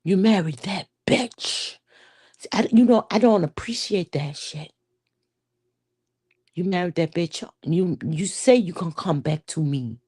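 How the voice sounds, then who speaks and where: A woman's voice: on the low side, a little slow, mellow, slightly rough. A woman voicing a scorned township woman who rants at her cheating man in a put-on foreign accent, cursing constantly. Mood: furious. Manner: foul-mouthed ranting, put-on foreign accent.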